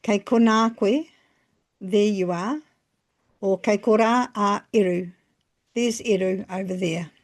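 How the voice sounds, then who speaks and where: A woman narrating a scripted language lesson, phrasing each example slowly and carefully. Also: mid-range voice. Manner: slow, careful phrasing with pauses between examples. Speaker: language teacher.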